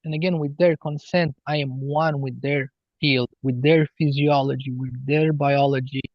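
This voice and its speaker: A man talking as a healer guest on a podcast, slow and earnest as he explains spiritual ideas. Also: medium pitch, steady tone, no echo, lo-fi sound. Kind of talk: podcast interview.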